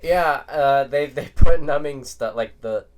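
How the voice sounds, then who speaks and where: A young man co-hosting a casual chat, laid-back and quick to laugh along. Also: mid-range voice, a little hiss or hum. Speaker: podcast co-host.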